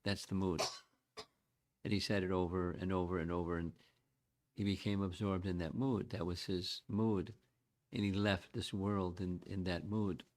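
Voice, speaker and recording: Older male teacher, low-pitched, measured devotional lecture, reflective delivery. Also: level tone, a little mellow. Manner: measured, reflective, chants verses slowly. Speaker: spiritual teacher.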